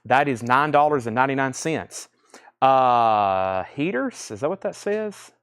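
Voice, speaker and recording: A man's voice: mid-range voice, animated, fairly bright tone, smooth. Man calling out record prices. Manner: brisk price-calling, thinks aloud while inspecting records. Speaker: live sale host. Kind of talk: live-stream record auction patter.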